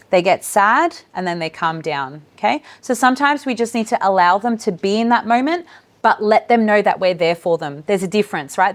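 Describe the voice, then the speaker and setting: A woman leads a workshop for educators in a relaxed, storytelling way. She checks in with her listeners again and again, tossing in "right?" and "okay?" as she goes. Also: mid-range voice. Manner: warm storytelling with acted quotes of children and herself. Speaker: workshop presenter.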